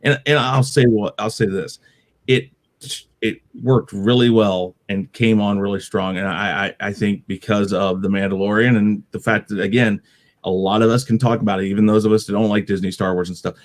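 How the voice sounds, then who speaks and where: A man's voice: fairly low pitch, flat delivery, normal speed. A man hosting an online roundtable show, talking casually and rambling, often restarting with repeated words. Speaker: host.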